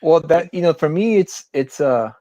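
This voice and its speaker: A man's voice: a little high, expressive, normal speed, warm tone, no room sound, dull audio. A man co-hosting a casual podcast, talking in long rambling opinionated runs with many restarts. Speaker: podcast co-host. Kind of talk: casual chat.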